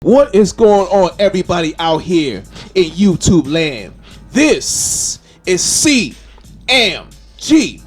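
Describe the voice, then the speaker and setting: High-pitched guy ranting about games, yelling exasperated questions, music faintly in back. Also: big pitch swings, takes it slowly. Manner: loud, exasperated, repetitive rhetorical questions and cursing. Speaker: gaming YouTuber. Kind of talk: animated rant video.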